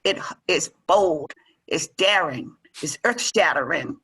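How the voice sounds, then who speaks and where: A scheming playwright savors each word in a slow, mock-dramatic delivery, read by a woman. Her pitch swings widely as she talks. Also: lively intonation, fairly bright tone, slightly rough, heavily acted, low-quality recording. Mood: plotting.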